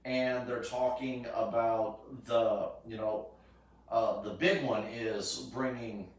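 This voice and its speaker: Slow-talking man in an echoey room. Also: mid-range voice, fairly even intonation. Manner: halting, restarts often with fillers. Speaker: host. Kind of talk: casual chat. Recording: echoey room, far from mic.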